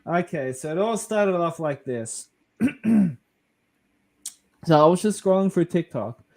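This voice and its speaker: Young aussie dude ranting, lots of swearing, mellow low-key voice. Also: male voice, lively intonation, slow, vocal fry. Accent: Australian. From Australia. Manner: crude, swearing, laughing. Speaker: podcast co-host. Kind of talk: casual chat, storytelling.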